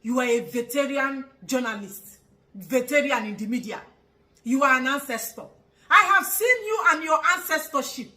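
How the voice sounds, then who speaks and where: A woman with a Nigerian accent in an angry vlog commentary, scolding with rhetorical questions, mocking laughs and bursts of shouting. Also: high-pitched, expressive, normal speed, low-quality recording.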